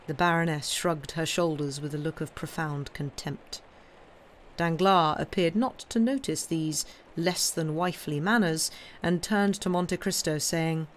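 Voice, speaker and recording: A woman reading a classic novel aloud on a livestream in clear, measured narration. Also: deep voice. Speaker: reader.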